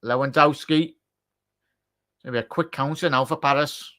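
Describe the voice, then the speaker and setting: Excitable Scouse man calling a match live. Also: medium pitch, measured pace. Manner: excitable, shouts at big chances; chatty, jokey asides. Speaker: watchalong commentator.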